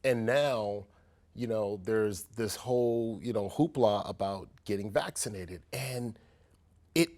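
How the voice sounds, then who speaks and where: A former pro athlete from South Central Los Angeles tells a personal story in a candid conversation, earnest and reflective, often restarting his sentences. His voice is fairly low and darkish, and he takes it slowly.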